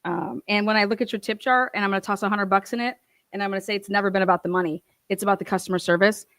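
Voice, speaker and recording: A woman's voice: medium pitch, fairly even intonation, rapid-fire, a bit bright, no room sound. A young woman telling a heated, profane storytime rant, full of swearing and laughs. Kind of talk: ranting storytime.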